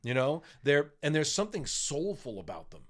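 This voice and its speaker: A man co-hosting a casual music podcast, talking in a rambling, animated way with many restarts. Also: a little high, moderate pace. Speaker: podcast co-host.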